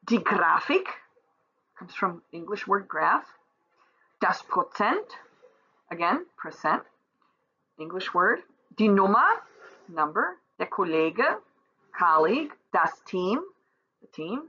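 A woman teaching a German lesson, explaining in English and reading the German example sentences slowly and clearly. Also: lowish voice, very animated, pushed and bright, highs cut off. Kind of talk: recorded language lesson.

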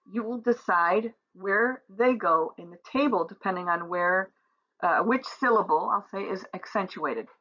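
A woman teaching a German class with slow, deliberate explanations, pronouncing each example word with care. Her voice is bright and a little sharp. The recording is dull and lo-fi. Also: medium pitch. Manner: slow, careful explanation, stressing the German words. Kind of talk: classroom instruction.

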